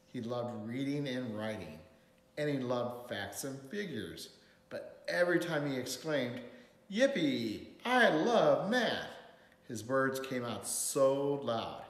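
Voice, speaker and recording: A man reading a picture book aloud in an expressive, lilting way. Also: mid-range voice. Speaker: storyteller. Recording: roomy hall reverb.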